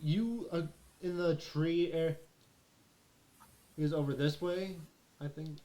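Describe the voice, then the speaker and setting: A man narrating as game master of a tabletop role-play session, often pausing and restarting his phrases. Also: fairly high pitch, steady tone, warm tone.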